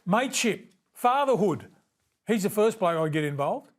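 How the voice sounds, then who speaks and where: This Australian man in his sixties talks in a fairly high voice. He tells stories with a lot of energy, laughs easily and keeps saying mate. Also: moderate pace. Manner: animated storyteller, laughs often, calls everyone mate. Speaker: podcast guest, former rugby league player. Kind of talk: casual chat.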